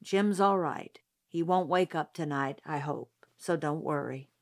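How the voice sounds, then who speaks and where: A woman voicing a calm, reassuring male country doctor in an audiobook. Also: low-pitched, a little slow, voice pushed down.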